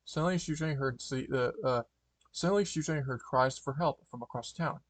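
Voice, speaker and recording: A man with a medium-pitched voice reads a fan story aloud at a moderate pace, with no echo. He stumbles often, restarting, correcting words as he goes, and filling gaps with fillers.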